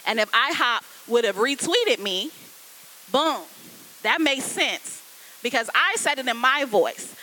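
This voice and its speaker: Lively, conversational woman with a bright voice. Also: high-pitched, normal speed, poor audio. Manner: lively, conversational, colloquial, addresses students directly. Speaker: guest speaker, copywriter. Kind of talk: casual classroom talk.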